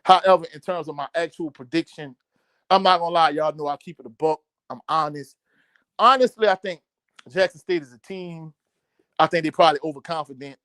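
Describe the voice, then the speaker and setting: A man's voice: fairly high pitch, fairly even intonation, fairly quick, fairly bright tone, no room sound, studio quality. A man hosting a casual sports live stream, reading viewer comments aloud, laughing often and talking loosely with many fillers. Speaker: sports show host.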